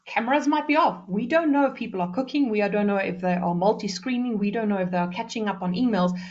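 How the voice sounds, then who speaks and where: A woman from South Africa giving a presentation skills workshop, fast and lively, deliberately shifting her pace and loudness. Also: mid-range voice, highs cut off.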